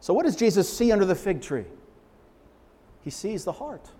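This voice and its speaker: Man preaching, fervent, emphatic, loud swells and hushed drops, slightly high voice, long hall reverb. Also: very animated, moderate pace. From Massachusetts, USA. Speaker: pastor. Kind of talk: sermon.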